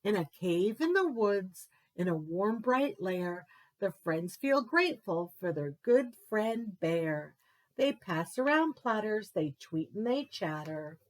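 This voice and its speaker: A woman who works as a children's librarian, reading picture books aloud for story time in an expressive way, doing character voices. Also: mid-range voice, takes it slowly.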